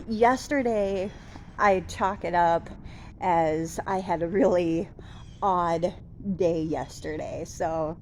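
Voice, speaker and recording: A woman's voice: fairly low pitch, a little hiss or hum. A woman telling a story in a casual vlog, acting out the people she quotes. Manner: animated retelling, quoting others in raised voice. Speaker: vlogger.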